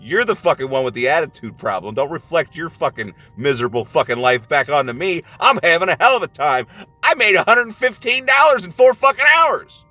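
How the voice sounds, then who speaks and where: A man's voice: a little high, big pitch swings, brisk, pushed and bright, no room sound, soft background music. A man hosting his own video, telling a story in a casual, heavily profane rant. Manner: swears heavily, acts out quotes. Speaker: video host and movie reviewer.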